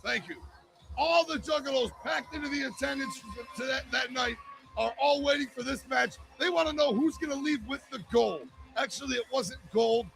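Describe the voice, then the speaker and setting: A man doing loud, profane comic wrestling play-by-play commentary. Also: very high voice, normal speed, gravelly, faint music behind.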